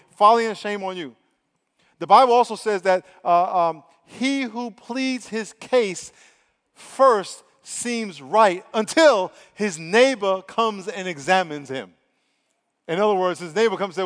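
A man's voice: high voice, long reverb tail. A man preaching a sermon in a conversational, emphatic way, acting out quotes as he goes. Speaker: pastor.

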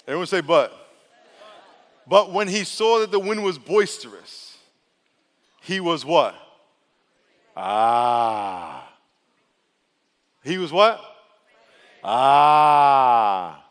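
A male pastor preaching an animated sermon in a church, calling on the congregation to answer back. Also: sits high, normal speed. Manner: animated, calls for congregation responses. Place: church sanctuary. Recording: long hall reverb.

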